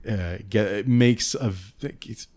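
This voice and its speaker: A man's voice: lowish voice, slow pace, darkish tone. A man co-hosting a podcast, discussing a novel casually and thinking aloud as he searches for words. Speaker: podcast co-host.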